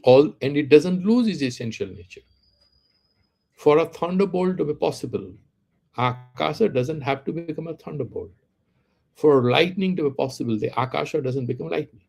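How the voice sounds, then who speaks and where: A man gives a philosophy lesson, glossing Sanskrit words as he goes. His voice is gravelly with a mellow, dark tone. He keeps asking rhetorical questions and then answering them himself. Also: a little high, expressive, moderate pace. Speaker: Vedanta teacher. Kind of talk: philosophy lecture.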